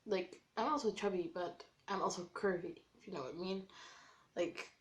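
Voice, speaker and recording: A woman's voice: fairly low pitch, normal speed. A woman vlogger casually telling a personal story to camera, acting out quoted dialogue and using lots of "like.". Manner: animated, acts out quoted dialogue with many "like"s.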